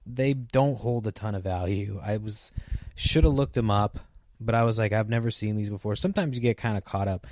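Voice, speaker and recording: A man in his thirties hosts a podcast in a rambling, casual monologue, full of fillers and offhand swearing. His voice is lowish and mellow. The studio recording is clean with no echo.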